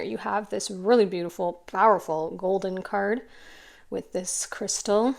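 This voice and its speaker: A woman's voice: mid-range voice, fairly even intonation, normal speed, gravelly. A woman giving a casual intuitive card reading to camera, chatty and rambling with many restarts. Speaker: tarot card reader.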